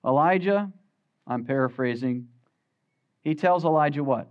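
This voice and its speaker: A man preaching a sermon as pastor, swinging from loud emphatic peaks to quiet, low asides. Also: unhurried, lo-fi sound.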